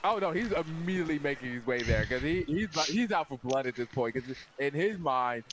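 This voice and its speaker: A man's voice: fairly high pitch, lively intonation, a little fast, a crowd in the background. Cursing man playing a tabletop game. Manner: rambling, cursing. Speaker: player.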